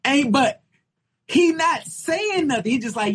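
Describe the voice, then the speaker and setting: A man co-hosting a comedy podcast, telling casual stories in an animated way, jumping into high exclamations. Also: slow. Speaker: podcast co-host.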